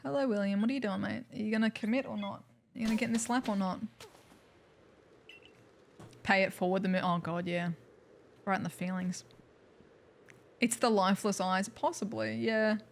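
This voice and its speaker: Gravelly-voiced woman streaming a game. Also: mid-range voice, steady tone, normal speed, pauses often, a little hiss or hum. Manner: chatty, thanks viewers, wry asides. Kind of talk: casual livestream commentary.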